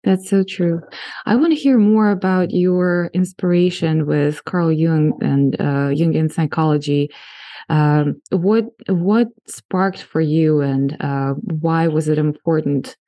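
A woman's voice: low-pitched, slow, warm tone, no echo. A woman hosting an interview, enthusiastic and effusive in her reactions to her guest. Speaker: podcast host, interviewer. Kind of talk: casual interview.

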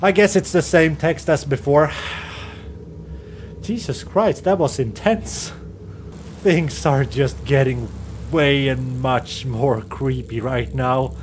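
A man's voice: medium pitch, slow pace, slight background noise. A man commentating a horror game as he plays, nervous and jittery, swearing and laughing to himself and his viewers. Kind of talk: let's play commentary.

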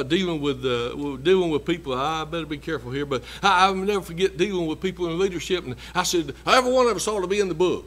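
A pastor with a high, fairly bright voice preaches a sermon in a church, folksy and emphatic, repeating his phrases.

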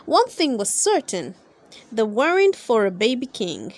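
A woman narrates a storybook aloud for children. Her high voice moves up and down with lots of expression, and she takes her time. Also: wildly swooping pitch, unhurried.

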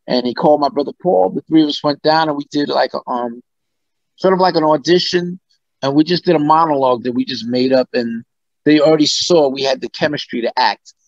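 A man's voice: a little high, a little fast, no room sound, highs cut off. A man, a guest musician, telling stories in an interview and acting out what people said. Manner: animated, acts out quotes. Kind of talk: interview storytelling.

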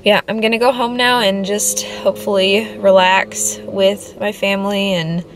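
A woman's voice: mid-range voice, fairly even intonation, moderate pace, background noise. Teary, relieved young woman vlogging. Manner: emotional, teary and relieved, with laughs. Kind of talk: casual vlog update.

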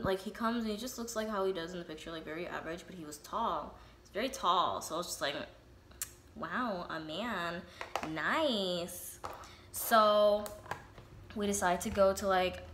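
A woman's voice: mid-range voice, fairly bright tone, slight background noise. A young woman telling a casual, profane storytime, acting out both sides of the dialogue. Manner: candid and profane, quotes herself and others in reenacted dialogue. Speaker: vlogger. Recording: roomy echo, faint ambience.

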